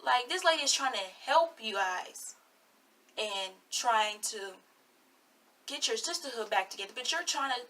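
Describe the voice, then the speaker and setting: A woman's voice: fairly high pitch, lively intonation, measured pace, pushed and bright, recorded from a distance. An eighteen-year-old woman giving sassy, blunt, chatty commentary on a reality show in her vlog. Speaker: vlogger.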